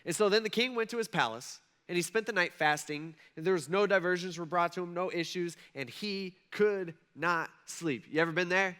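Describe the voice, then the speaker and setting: A man preaching with a high, bright voice. He talks loosely and casually and slips into acting out scripture characters in quoted dialogue, then drops back to plain narration. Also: moderate pace, hardly any pauses, clear, resonant tone. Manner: conversational, acts out the king and Daniel in quoted dialogue. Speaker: pastor. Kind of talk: casual sermon.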